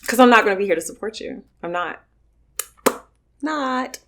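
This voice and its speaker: A woman's voice: on the high side, expressive, moderate pace, a little hiss or hum. A young woman from California talking bluntly and emphatically to her viewers while eating on camera. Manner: blunt, emphatic, talks between bites. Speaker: mukbang vlogger. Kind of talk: casual eating vlog chat.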